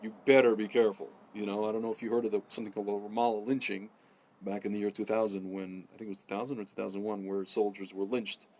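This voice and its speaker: A man ranting casually to camera, rambling with many fillers and restarts, often addressing his audience as ladies and gentlemen. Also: fairly low pitch, little pitch movement, fast. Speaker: political commentator. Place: home in Jerusalem.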